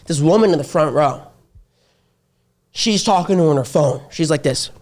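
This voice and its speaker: A man with a fairly high voice talks as a podcast guest. He tells brash, crude stories from the stage and acts out what people said in punchy bursts. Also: expressive, normal speed, darkish tone. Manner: brash, crude storytelling with acted-out quotes. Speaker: comedian guest. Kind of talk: casual podcast chat.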